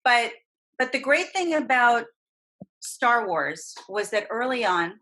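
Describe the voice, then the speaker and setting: Here a middle-aged voice actress and coach, appearing as a podcast guest, speaks in a slightly high voice and at a slow pace. Her delivery is animated and emphatic as she goes on at length in casual conversation, captured on a rough recording.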